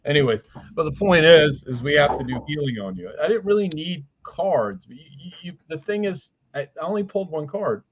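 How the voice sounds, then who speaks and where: A man's voice: a little high, expressive, brisk, lo-fi sound, background noise. A man giving a live spiritual reading and healing, talking bluntly with frequent swearing and restarts. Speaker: spiritual reader and healer.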